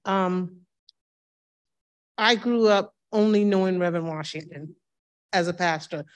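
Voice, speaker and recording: A woman in her fifties with a lowish voice speaks fairly evenly and a little slowly. At a reading circle, this church member warmly shares memories of her pastor, acting out the dialogue with laughs.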